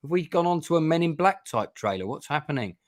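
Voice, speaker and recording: A man's voice: on the high side, lively intonation, quick pace. Man, livestream host, wry and chatty, dry sarcasm, sounds like a video call. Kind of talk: casual chat on a livestream.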